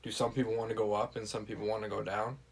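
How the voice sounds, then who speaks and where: A man's voice: on the low side, little pitch movement, fast, breathy edge. A man playing in a tabletop game, casually checking details and full of filler words. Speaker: player. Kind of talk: tabletop role-play. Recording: heavy background noise.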